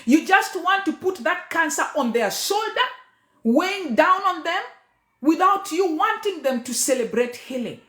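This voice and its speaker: A woman who is a teacher, public speaker and MC talks passionately to her followers, emphatic and preacher-like, moving between loud and quiet. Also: very high-pitched, lively intonation, a little slow. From Kenya. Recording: echoey room.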